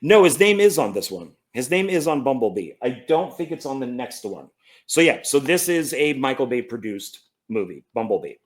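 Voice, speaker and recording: With a mid-range voice and moderate pace, this man casually runs through his film collection. He's a relaxed, film-loving collector who wanders off on tangents, corrects himself and fumbles names.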